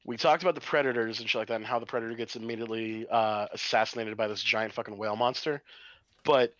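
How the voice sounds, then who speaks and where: A man's voice: lowish voice, steady tone, quick pace, a bit bright, no echo, muffled recording. A man co-hosting a podcast in a casual, rambling movie review chat, swearing constantly. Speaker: podcast co-host.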